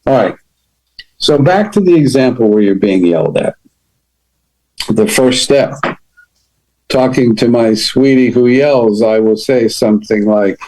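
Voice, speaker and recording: Calm, earnest man with a mellow voice. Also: medium pitch, measured pace, long pauses, poor audio. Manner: calm, earnest, acts out example dialogue. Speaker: podcast host. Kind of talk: self-help talk on boundaries.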